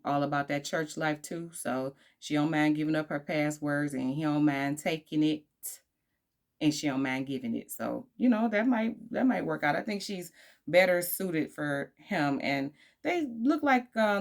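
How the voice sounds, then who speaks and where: A woman's voice: low voice, moderate pace. A woman casually reviewing a dating show, sassy and slangy, breaking into laughing asides, tired from recording late at night.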